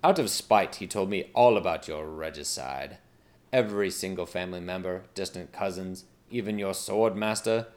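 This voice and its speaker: A man's voice: sits low, moderate pace, pitched below the performer's own voice, close to an everyday voice. A man voicing a bumbling young king who whines and talks earnestly. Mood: whiny. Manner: whiny, earnest.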